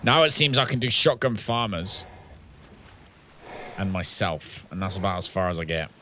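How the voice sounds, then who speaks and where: A man's voice: deep voice, lively intonation, moderate pace, bright, forceful tone, a little hiss or hum. A man, chatting casually with viewers while playing a game live, reading out chat messages and laughing often. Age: 30s. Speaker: streamer and host. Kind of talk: casual livestream gaming chat.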